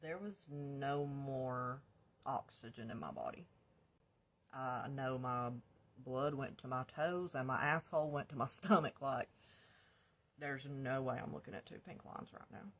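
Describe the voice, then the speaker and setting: Woman, husky breathy voice, blunt profane storytime vlogger, confessional. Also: rumbling low, measured pace. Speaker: vlogger telling her life story. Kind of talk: candid storytime.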